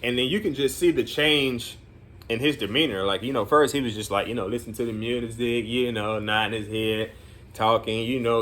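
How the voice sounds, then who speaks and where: A man's voice: mid-range voice, normal speed, fairly bright tone. A man working as a group home counselor, telling a story in casual vlog talk, rambling with many fillers and earnest, encouraging asides.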